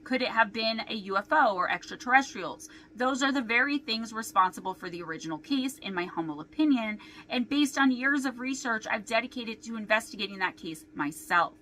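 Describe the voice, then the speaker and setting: Brief: female author-host narrating unsolved mysteries, skeptical, crisp bright tone. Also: on the high side, animated, brisk, hardly any pauses, slight background noise. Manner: skeptical, poses many rhetorical questions. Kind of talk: reading her own mystery book aloud.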